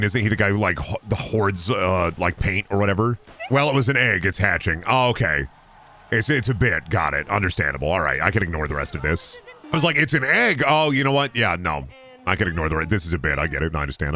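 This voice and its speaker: Low-voiced, rambling streamer in his thirties. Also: fairly bright tone. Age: 30s. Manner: rambling, profane, jokey, riffing on chat. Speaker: game streamer. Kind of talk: casual stream chat.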